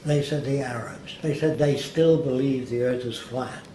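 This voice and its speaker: A man's voice: medium pitch, fairly even intonation, normal speed, dark tone. An older man tells rambling stories in an interview and slips into the voices of people he quotes. His voice carries a roomy echo, and a faint hiss sits underneath. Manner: rambling anecdotal storyteller, acts out quoted people. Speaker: interview guest. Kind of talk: storytelling in an interview.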